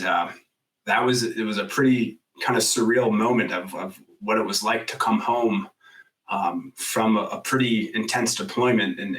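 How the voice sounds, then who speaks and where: A man in his thirties, a podcast guest telling a personal story in casual interview talk, animated and full of "like" fillers. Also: on the low side, far from the mic, low-quality recording. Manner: animated storyteller, acts out quoted voices loudly; frequent "like" fillers, swears casually.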